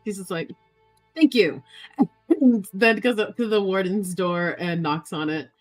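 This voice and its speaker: A woman playing in a tabletop game, speaking in a halting way and correcting herself as she goes. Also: mid-range voice, faint music behind. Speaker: player. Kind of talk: casual tabletop play.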